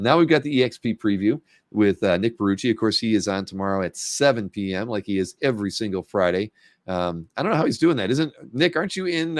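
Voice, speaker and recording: A man's voice: fairly low pitch, dry recording. A man hosting a casual livestream, rambling and correcting himself as he talks, laughing often, saying he is losing his voice. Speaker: show host.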